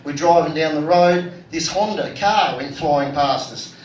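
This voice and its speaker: An Australian man doing a stand-up comedy set, delivering crude punchlines deadpan. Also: fairly high pitch, a little slow, slight background noise. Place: comedy venue stage. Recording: echoey room from far off with loud ambience.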